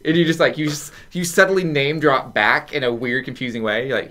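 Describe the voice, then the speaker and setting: Male podcast co-host, bright voice, wry, rambling banter. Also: medium pitch, a little fast, hardly any pauses. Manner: wry, self-correcting banter. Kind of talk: casual chat.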